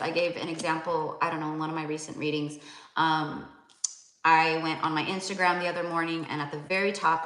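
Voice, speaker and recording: A woman's voice: low-pitched, a bit bright, echoey room. A young woman and psychic tarot reader, talking casually and rambling with many fillers and restarts. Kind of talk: casual spiritual talk to viewers.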